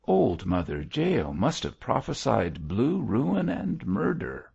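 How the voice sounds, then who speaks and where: A man voicing a lively, teasing young army captain in an audiobook, talking in a playful bantering way. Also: medium pitch, takes it slowly, gravelly, breathy edge, lo-fi sound, pitched above the performer's own voice, heavily acted.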